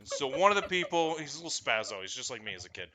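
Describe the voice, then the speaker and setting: Man, comic storyteller, lively pitch swings, crude and loud, bursts into squeaky impressions. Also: rapid-fire. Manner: profane, animated, breaks into shrill shouted impressions. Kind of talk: comedic storytelling.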